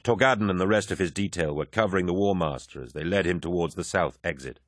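A man reading a science-fiction battle scene as an audiobook, in a measured, grave manner. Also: low voice, no echo, clean studio sound. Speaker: audiobook narrator. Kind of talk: scripted narration.

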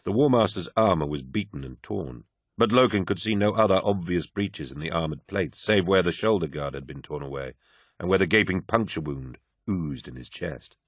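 A man giving grave, measured audiobook narration of a dramatic story. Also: deep voice, expressive, slightly rough, dry recording, studio quality.

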